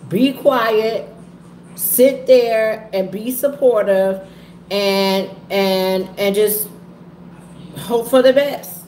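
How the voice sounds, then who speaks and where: A woman talking candidly to her viewers in a halting, heavy way, often repeating herself. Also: mid-range voice, darkish tone. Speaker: vlogger and trucking business owner. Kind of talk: candid personal talk to viewers. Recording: echoey room with faint ambient noise.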